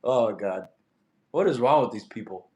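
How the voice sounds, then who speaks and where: Lively man streaming in an echoey room. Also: mid-range voice. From Russia. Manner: lively, quick to get irritated at spammers. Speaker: fitness streamer. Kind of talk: livestream chat reading.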